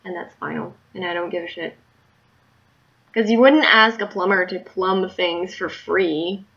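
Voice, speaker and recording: A woman's voice: fairly low pitch, a little slow, a bit bright. Tired woman rambling in a vlog diary. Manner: rambling, candid storytelling. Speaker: video diarist. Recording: muffled lo-fi recording.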